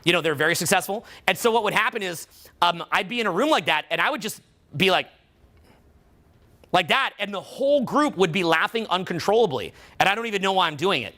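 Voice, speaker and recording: Before a room of students at a live workshop, a male vocal coach speaks fairly quickly in a voice that's high for a man, bright and forceful. His delivery stays animated, and he breaks into loud demonstration voices while explaining.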